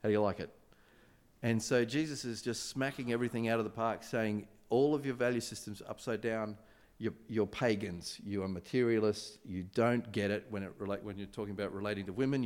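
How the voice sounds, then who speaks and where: Male preacher, lowish voice, chatty sermon delivery, lots of ums and restarts. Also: brisk. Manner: conversational, animated retelling with many fillers and restarts.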